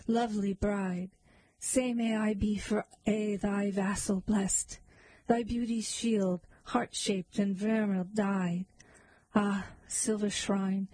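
A woman voicing an ardent young male lover as she reads a narrative poem aloud, in a slow, measured recitation. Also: mid-range voice, dark tone, breathy edge, no room sound, low-quality recording.

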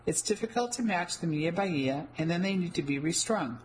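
Gravelly bossy jewelry lady in her fifties, dramatic and snooty, read out by a woman. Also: lowish voice, lively intonation, a little fast, slight background noise, close to an everyday voice, poor audio. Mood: lecturing. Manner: haughty, dismissive. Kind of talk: audiobook character reading.

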